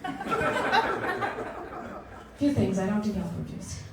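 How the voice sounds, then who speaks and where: A woman's voice: on the high side, very animated, slow pace, very noisy. A middle-aged woman doing a brash, self-mocking stand-up set in a comedy club. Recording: echoey club with audience laughter.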